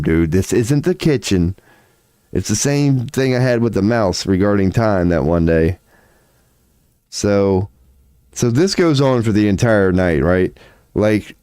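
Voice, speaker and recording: A man's voice: lowish voice, no room sound. Rambling, swearing man with a dry close sound. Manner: animated, profane, laughs often. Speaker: livestream host. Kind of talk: rambling casual storytelling.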